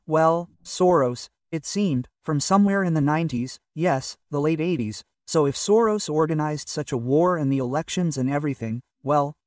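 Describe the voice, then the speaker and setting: A man's voice: a little high, a little mellow, no echo, clean studio sound, recorded from a distance. An older man from Russia, a magazine publisher, talking in a hesitant, rambling way full of fillers in a casual interview.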